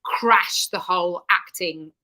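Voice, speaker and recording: Guest spot: bright, lively woman, comic performer on a video call. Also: fairly low pitch, slow pace. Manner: lively, animated, laughing. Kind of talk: casual interview chat.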